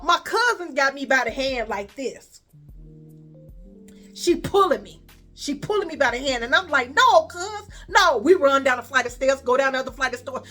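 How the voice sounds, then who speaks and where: A woman with a Chicago accent telling a personal story in a casual storytime vlog, animated and profane, acting out the dialogue. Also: sits high.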